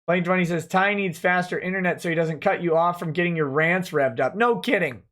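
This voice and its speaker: Male lawyer host, slightly high voice, casually reading and answering chat. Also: a little fast, fairly bright tone. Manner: reads chat messages aloud and replies offhand. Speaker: livestream host reading viewer chats.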